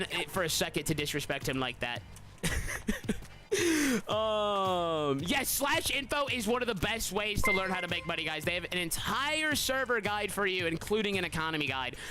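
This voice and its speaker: A young man streaming live, hosting a game tournament and talking to his chat excitably, repeating "guys" and yelling at surprises. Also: high voice.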